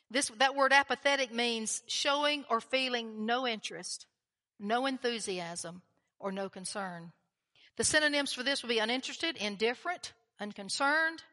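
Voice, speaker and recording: Woman, preacher, chatty sermon, questions to the church, bright tone, long reverb. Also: on the high side. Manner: conversational, asks the congregation questions.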